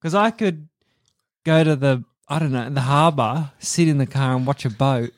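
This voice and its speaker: A man's voice: medium pitch, normal speed, dry recording. Stubborn Australian man on a dry mic. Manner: stubborn, matter-of-fact arguing. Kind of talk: casual family chat.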